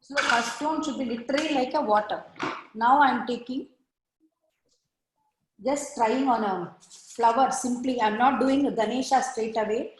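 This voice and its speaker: A woman's voice: fairly high pitch, moderate pace, pauses often, slight background noise. A woman teaching an online art class, giving patient step-by-step instructions over a video call. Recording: echoey room on a video call.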